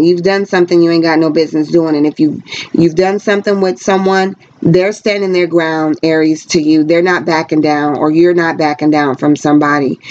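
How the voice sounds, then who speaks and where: A woman's voice: on the low side, darkish tone. A woman chattering through a rambling tarot reading. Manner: rambling, chatty, with quick pressured speech; frank and blunt. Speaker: tarot card reader. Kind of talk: casual tarot reading to camera. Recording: dull lo-fi recording.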